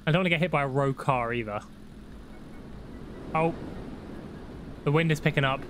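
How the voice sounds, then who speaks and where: A young man giving excitable, laddish commentary on a road trip game with friends. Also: on the high side, moderate pace, background noise. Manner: excitable, shouts when startled, laddish banter. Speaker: gaming YouTuber. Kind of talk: casual gameplay commentary.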